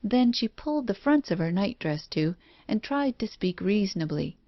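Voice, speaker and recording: A woman reading a first-person horror story in a measured, even way. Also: mid-range voice, no room sound. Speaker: audiobook narrator. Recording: dull dry lo-fi recording.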